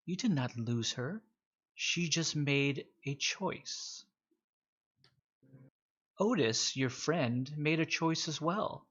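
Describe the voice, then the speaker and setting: Man playing a cold, calm bandit king villain. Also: a little high. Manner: slow, measured, quiet menace. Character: cold, calm adult male bandit king, Rev's nemesis. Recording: dull lo-fi audio.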